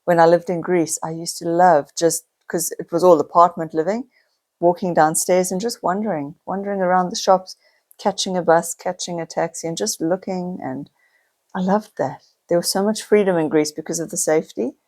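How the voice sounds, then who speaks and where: A woman's voice: on the low side, fairly even intonation, normal speed, a little mellow. A middle-aged woman, talking to camera in a heartfelt, confiding personal vlog, near tears at times. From South Africa. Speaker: vlogger.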